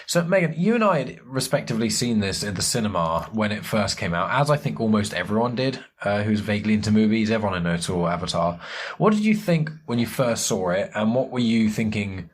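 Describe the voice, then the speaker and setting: A man hosting a podcast, talking casually and relaxed, often hesitating and restarting. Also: lowish voice, fairly quick, breathy edge. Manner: relaxed, hesitant, lots of fillers. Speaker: podcast host. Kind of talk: casual chat.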